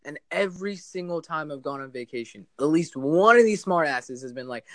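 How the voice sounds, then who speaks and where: A young man from New Jersey chatting casually as a podcast guest, telling animated stories full of acted-out quotes. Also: fairly high pitch, brisk, no room sound. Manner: animated, exaggerated storytelling with mock quotes. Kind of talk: casual chat.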